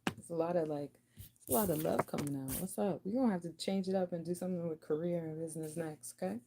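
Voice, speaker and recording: A woman's voice: lowish voice, fast talker, vocal fry, noisy background. A woman giving a casual channelled reading to the viewer, chatty and giggly, with loose slangy talk. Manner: spoken to the viewer as "you". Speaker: intuitive card reader.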